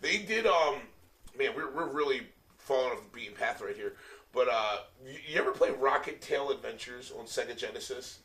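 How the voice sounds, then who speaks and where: A man's voice: mid-range voice, moderate pace, fairly bright tone. A tipsy man co-hosting a podcast, rambling in casual chat and swearing freely. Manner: loose, rambling and heavy on profanity. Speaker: podcast co-host. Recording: echoey room, mic at a distance.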